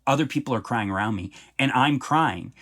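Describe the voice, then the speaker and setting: Canadian playwright guy on a podcast, mid-pitch voice, earnest and heartfelt, gets lively talking about laughs and tears. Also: fairly quick. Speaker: playwright being interviewed. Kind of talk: podcast interview conversation.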